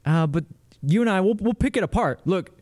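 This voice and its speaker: Higher-voiced male co-host, wry, halting delivery, dry close mic. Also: animated, a little mellow, no room sound. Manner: hesitant, many fillers and restarts, wry. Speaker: podcast co-host. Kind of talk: casual sports podcast chat.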